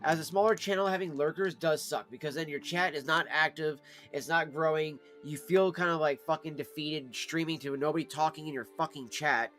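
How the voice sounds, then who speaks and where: A man's voice: fairly high pitch, steady tone, brisk, few pauses, fairly bright tone. A man streaming live, ranting casually and profanely with exasperation. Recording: faint music behind.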